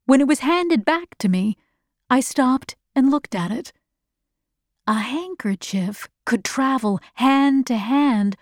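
A woman narrates a first-person storybook in a slow, measured and earnest manner. Her voice sits fairly high. The sound is dry and close, with no room around it. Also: a little mellow, no echo.

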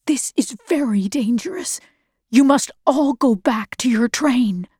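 A woman reading the lines of a worried, gentle father in a storybook, soft and urgent. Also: on the high side, a little slow, husky, no room sound, studio quality.

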